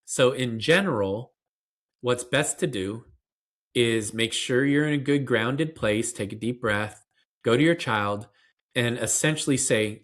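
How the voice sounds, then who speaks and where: In an interview as a parenting expert, a man explains things earnestly and conversationally, with fillers and restarts. His voice is medium-pitched, unhurried and fairly bright.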